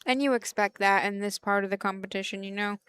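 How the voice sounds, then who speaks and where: A woman's voice: medium pitch, fast, clear, resonant tone. A woman pool player co-commentating in a casual, chatty way, telling stories peppered with "like". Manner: casual, animated storytelling with "like".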